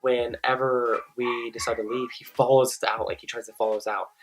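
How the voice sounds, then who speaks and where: A young man telling a casual storytime, animated and full of filler words. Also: mid-range voice, a little fast, slight background noise, poor audio. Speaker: vlogger.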